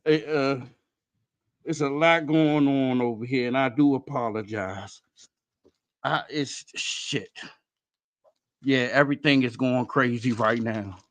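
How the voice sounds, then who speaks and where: A man hosting a live stream, out of breath, talking in a loud, rambling, profanity-heavy way. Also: medium pitch, fairly even intonation, normal speed, no room sound. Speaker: host. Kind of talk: casual stream commentary.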